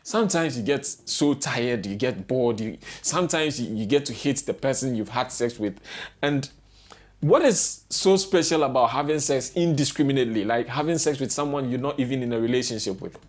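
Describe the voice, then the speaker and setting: A man's voice: medium pitch, animated, moderate pace. A young man vlogging, ranting in casual commentary with exasperated, repeated rhetorical questions.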